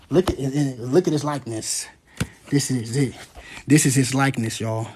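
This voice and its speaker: A man gives animated, profane commentary, breaking into loud, dramatic scripture readings. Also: medium pitch, normal speed.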